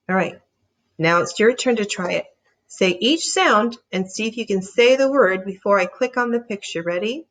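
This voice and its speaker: A woman teaching a reading lesson, sounding out words slowly and encouraging young readers. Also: mid-range voice, a bit bright. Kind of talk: slow, clear phonics lesson.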